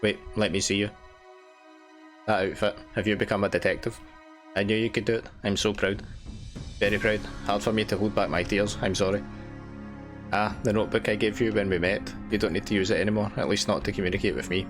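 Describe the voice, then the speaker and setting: A man voicing an exhausted, once-tormented game character, reading earnestly in a low voice. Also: steady tone, a little fast, music in the background, lightly acted. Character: exhausted freed prisoner, tormented and hopeful.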